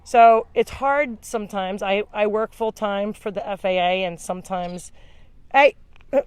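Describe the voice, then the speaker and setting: A woman hosts a casual live video from inside an animal sanctuary. She chats at an ordinary pitch, explaining each rescue story, and keeps turning to coo at the animals near her. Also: a little slow, smooth, no echo. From New Jersey. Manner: chatty, talks to the animals while explaining. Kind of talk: casual live-stream chat.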